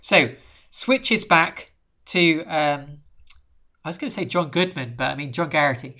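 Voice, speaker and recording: A woman's voice: low-pitched, animated, a little slow, bright, forceful tone. A woman co-hosting a casual podcast, recapping a film in a rambling way with dry asides. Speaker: podcast co-host.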